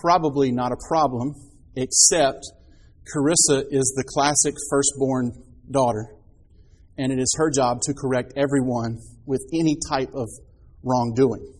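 A man's voice: medium pitch, fairly even intonation, unhurried, darkish tone. A man in his thirties preaching a sermon, telling stories with rhetorical questions and rising emphasis.

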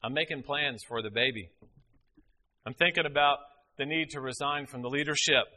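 A man's voice: medium pitch, normal speed, bright, forceful tone. A middle-aged man preaching a sermon, telling a family story in a folksy way with many fillers.

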